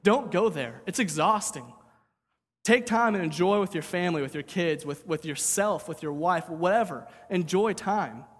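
A man's voice: sits high, animated, moderate pace, in a large hall. A man preaching a sermon as pastor, talking casually, repeating words and asking "right?".

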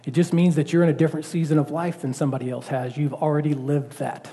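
Mellow-voiced preacher in a reverberant hall. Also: male voice, fairly high pitch, fast. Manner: conversational, animated, full of rhetorical questions. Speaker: pastor. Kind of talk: sermon. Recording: long reverb of a church hall.

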